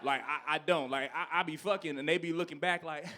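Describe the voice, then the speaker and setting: A man in his thirties performing a stand-up comedy set on a club stage, ranting with loud outbursts and dropping into low asides. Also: steady tone, a little fast. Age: 30s.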